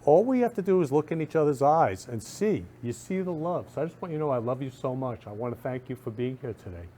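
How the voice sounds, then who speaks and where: A man's voice: mid-range voice, expressive, fast talker, dark tone, a little hiss or hum. A man hosting a talk show in a studio, effusive and repetitive, constantly telling guests he loves them.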